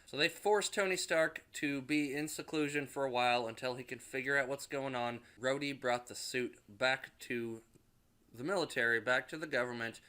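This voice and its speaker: A man's voice: medium pitch, bright, forceful tone, clean tone. A man casually recapping a movie in rambling, profane talk with frequent restarts. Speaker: movie reviewer.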